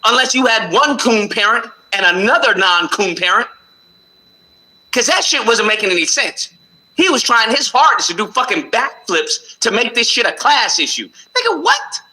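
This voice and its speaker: A man's voice: high voice, animated, moderate pace, bright, forceful tone, rough recording. A man hosting a call-in livestream, ranting furiously and swearing at callers. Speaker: call-in show host. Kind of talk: heated call-in livestream argument.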